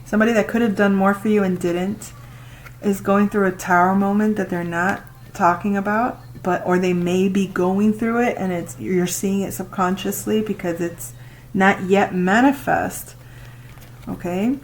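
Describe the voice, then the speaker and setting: A woman doing a casual tarot reading, talking to the listener and reacting out loud with exclamations as she turns the cards. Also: mid-range voice, steady tone, moderate pace, slight background noise, low-quality recording. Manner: chatty, exclaims and laughs while reading cards. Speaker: tarot reader.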